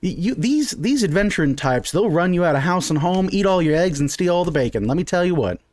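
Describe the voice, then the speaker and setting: A man voicing a stern, sharp-tongued middle-aged townswoman who is a mother, with a bossy, folksy drawl, in a tabletop game. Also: medium pitch, normal speed, no echo, natural voice.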